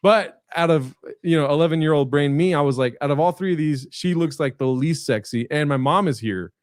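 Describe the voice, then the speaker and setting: Brisk and fairly high-pitched, a guest comedian rattles off rambling anecdotes on a video call, full of fillers and profanity. The audio is studio quality with no echo.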